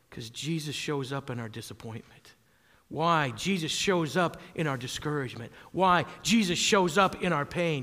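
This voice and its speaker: A man from southwest Wisconsin preaching a sermon, calling for amens and rising to shouts. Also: a little high. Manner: animated preaching, calls for amens, shouts at peaks. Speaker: pastor. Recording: long hall reverb.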